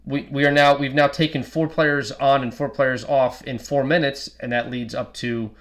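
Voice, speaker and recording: Casual podcast co-host, male, mid-pitched, walks through plays step by step. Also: fairly even intonation, normal speed. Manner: breaks down plays step by step, many restarts. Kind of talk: casual football analysis.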